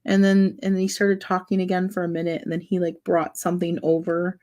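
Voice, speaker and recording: A young woman chatting casually while building a wooden puzzle, rambling and soft-spoken with many fillers and restarts. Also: fairly low pitch, monotone, fairly quick. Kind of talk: casual chat while crafting.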